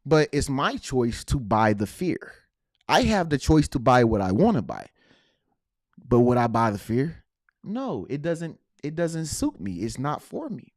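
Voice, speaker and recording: A man's voice: mid-range voice, darkish tone, no room sound, clean studio sound. A man giving a slangy, repetitive motivational talk to his viewers. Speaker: motivational vlogger.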